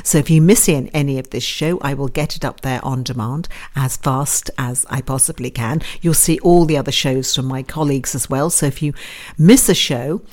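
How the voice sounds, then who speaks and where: A British woman with a very deep, slightly mellow voice hosts a live online radio show as a radio host and psychic advisor. Speaking at a moderate pace, she chats casually, rambling and self-deprecating as she greets her listeners.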